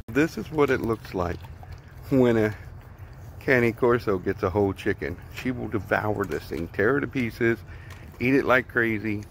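A man's voice: medium pitch, fairly bright tone, a little hiss or hum. A man casually showing how he feeds his dog at home, rambling with lots of fillers and repeated words. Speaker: dog owner vlogger.

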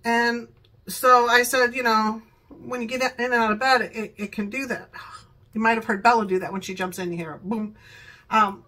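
A woman's voice: fairly high pitch, fairly even intonation, moderate pace, sharp tone, low-quality recording. An older woman and grandmother chatting at home in her living room while showing products she bought, rambling off topic and laughing often. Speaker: product haul vlogger. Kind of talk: casual chat.

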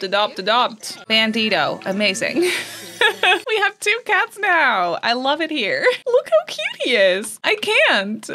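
A woman's voice: on the high side, a bit bright. Bubbly woman gushing over a game. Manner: bubbly, gushing, frequent gasps and laughs. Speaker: gaming YouTuber. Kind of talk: casual let's play commentary.

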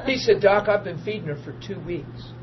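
A man preaching to a small group, telling testimony stories in a lively, informal way and acting out the people in them. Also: high voice, moderate pace. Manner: animated, acts out quoted voices, laughs often. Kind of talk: informal sermon storytelling. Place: small group meeting room. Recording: dull lo-fi archive recording with faint hiss.

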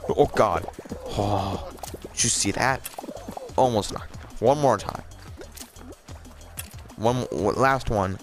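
A man giving casual, jokey commentary over his own gameplay, excitable and playful, mock raging and rhyming nonsense. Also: lowish voice, slow, long pauses, music in the background.

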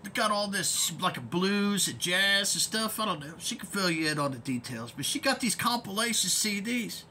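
A man's voice: high-pitched, lively intonation, moderate pace, hardly any pauses, sharp tone, slight background noise. A man ranting in a vlog as an online commentator, profane, rambling and heated.

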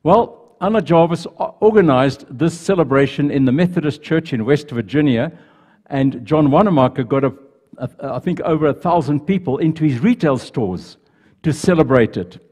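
A man's voice: a little high, animated, moderate pace, darkish tone, husky. A male pastor giving a sermon and leading prayer in a church, earnest, with small restarts. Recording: reverberant church hall.

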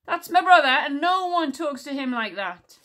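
A woman voicing a loyal, defiant warrior boy who yells up at a villain in a storybook reading. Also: high-pitched, lively intonation, moderate pace, voice pushed up. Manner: yelling, defiant.

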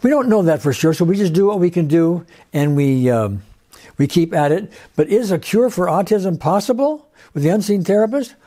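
An older man with a warm, fairly high voice talks through a story in an easy, unscripted way. He rambles, restarts his phrases and leans on fillers as he explains. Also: animated, normal speed. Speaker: host. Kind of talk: casual explanatory talk.

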